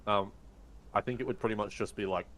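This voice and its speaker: A man's voice: fairly low pitch, steady tone, fast, fairly bright tone, a little hiss or hum. A man playing a tabletop game, casually explaining his character's actions in rules terms. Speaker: player.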